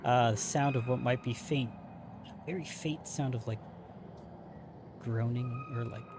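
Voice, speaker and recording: A game master narrating a tabletop game in a relaxed, halting way with fillers. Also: mid-range voice, background noise.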